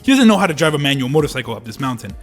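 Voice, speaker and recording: Racing and very animated, a medium-pitched young man tells a travel story in casual, slangy voice-over. He is a Canadian travel vlogger in his early 20s, and faint background music can be heard.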